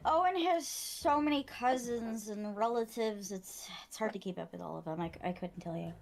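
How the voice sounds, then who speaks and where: A woman's voice: a little high, normal speed, creaky, darkish tone. A woman co-streaming a game, chatting playfully and bluntly, swearing freely. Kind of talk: casual game playthrough chat.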